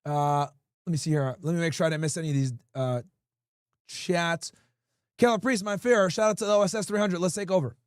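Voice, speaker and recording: A man's voice: fairly high pitch, brisk, clear, resonant tone, no room sound, clean studio sound. A man hosting a livestream, chatting casually with his audience and reading their comments aloud in a blunt, profane way. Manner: blunt, profane, talks straight to chat. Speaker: livestream host.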